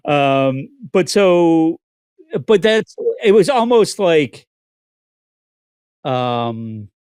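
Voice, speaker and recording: A man's voice: on the high side, very animated, very slow, long pauses, a little mellow, clean tone, no room sound, studio quality. A man hosting a podcast, ranting casually with lots of swearing and restarts. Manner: profane, ranting, many restarts. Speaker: podcast host.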